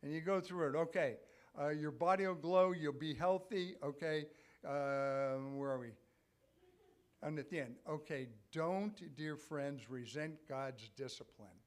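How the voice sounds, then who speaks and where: An older male pastor preaching live in a church, with a voice pitched a little higher than most men's. He talks to the congregation like a conversation, tossing in "okay?" again and again. He builds to loud, emphatic peaks. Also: a little slow. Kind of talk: sermon. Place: church sanctuary.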